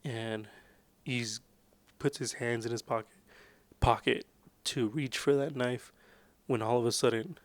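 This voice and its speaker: A man in a loose, casual movie recap, rambling and full of fillers. His voice is smooth and resonant, recorded close and dry. His pitch sits in a plain middle range. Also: dry recording. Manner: rambling, filler-heavy, laid-back.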